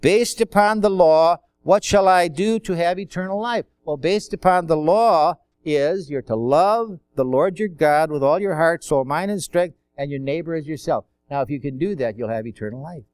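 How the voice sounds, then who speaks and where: A man's voice: a little high, normal speed, hardly any pauses, a little mellow, clean tone, no room sound. A man preaching a sermon in a conversational way, asking rhetorical questions and acting out quotes.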